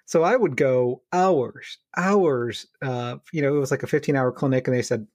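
Male podcast co-host, mid-pitch, animated and laughing, dry close sound. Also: moderate pace, hardly any pauses, no room sound. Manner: animated, laughing storyteller with many fillers. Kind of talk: casual storytelling chat.

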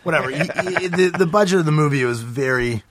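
A man's voice: on the high side, fast, crowd noise. A man, a guest actor from Canada, chatting casually on a podcast in a loose, joking, profane way.

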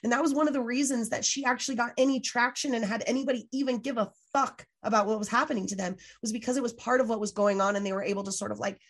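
A woman speaking as a podcast guest in a candid interview, earnest and emphatic, full of "like" fillers and quick restarts, sometimes swearing. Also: a little high, steady tone. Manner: frequent "like" fillers, self-restarts.

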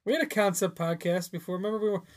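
High-voiced man in casual podcast banter. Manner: halting, with many fillers and restarts. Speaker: podcast co-host. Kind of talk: casual chat.

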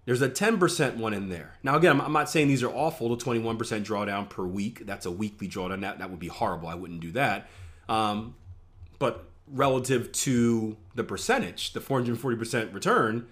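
A man's voice: medium pitch, expressive, moderate pace, a bit bright. A man who is a professional trader, walking viewers through trading results in a casual, conversational lesson. He repeats words, tosses in "right?" constantly, and makes playful boastful asides. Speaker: trading instructor. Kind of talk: screen-share trading lesson.

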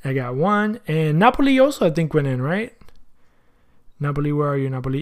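A man's voice: on the high side, expressive, brisk. A man hosting a soccer podcast in casual chat, slangy and thinking aloud as he goes. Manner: chatty, thinks aloud, asks himself questions.

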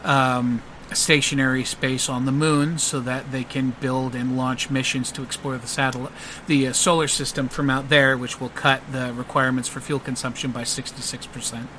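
A man doing a quiet, matter-of-fact boss. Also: mid-range voice, level tone, normal speed, a little hiss or hum, natural voice. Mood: calm. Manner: soft-spoken and matter-of-fact. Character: calm, quiet businessman boss.

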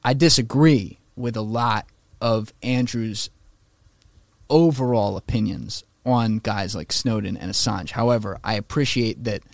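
A man's voice: fairly low pitch, a little slow, creaky, dry recording. Opinionated man in casual podcast chat. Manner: animated, opinionated, swearing, putting on mocking voices for quotes.

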